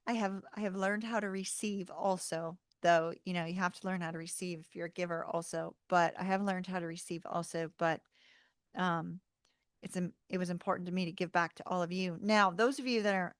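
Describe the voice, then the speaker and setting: A woman's voice: lowish voice, steady tone, fairly quick, smooth, dry recording, clean studio sound. A woman hosting a tarot channel livestream, chatting casually with viewers, laughing often and saying y'all. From North Carolina, US.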